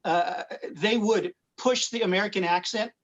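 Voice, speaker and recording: A man's voice: sits high, moderate pace. Guest comics artist, male, rambling casual storyteller, muffled lo-fi call audio. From Philippines. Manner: rambling, many fillers and restarts. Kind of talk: casual livestream chat. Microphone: video call.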